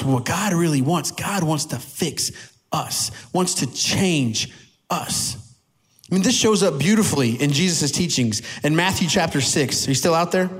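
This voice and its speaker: A man preaching a sermon to a church audience, animated and emphatic, slowing down and speeding up for emphasis. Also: on the high side. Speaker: pastor.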